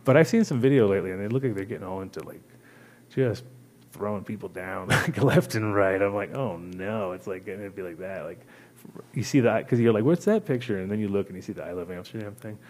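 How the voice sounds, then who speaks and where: A man's voice: lowish voice, fast talker, darkish tone. A man hosting a show, telling a long casual story full of swearing and acted-out quotes. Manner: rambling, profane, acts out voices in quotes. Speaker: host.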